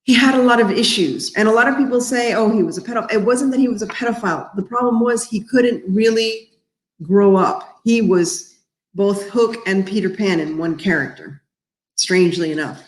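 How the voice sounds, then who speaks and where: A woman's voice: mid-range voice, moderate pace. Chatty woman livestreaming from an echoey room. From Miami. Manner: chatty and rambling, answering viewer comments. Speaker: author and crafting host. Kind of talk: casual livestream chat.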